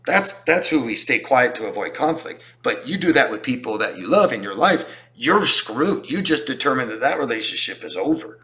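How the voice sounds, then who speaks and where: A man's voice: mid-range voice, very animated, normal speed, hardly any pauses, bright, forceful tone. A man talking as a relationship coach in a casual explanatory style, emphatic and repeating points for stress. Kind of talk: casual explanatory talk to camera.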